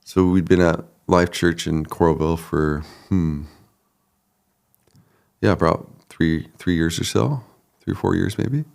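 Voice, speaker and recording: A man's voice: low voice, measured pace, vocal fry, long pauses. A man, an associate pastor, telling his story, laughing often and acting out what others said. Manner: relaxed, laughs often, acts out quoted people. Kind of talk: conversational storytelling.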